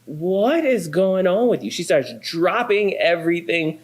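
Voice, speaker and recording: A pastor in his thirties tells funny family stories during a sermon, his high voice unhurried. He's animated, comic and self-deprecating in this humorous storytelling.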